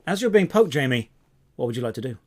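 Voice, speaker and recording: Guy gm narrating a d&d oneshot, slow vivid descriptions, regular mid pitch. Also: big pitch swings, a little mellow. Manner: descriptive, drawn-out storytelling. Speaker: game master. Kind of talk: narrating a tabletop game.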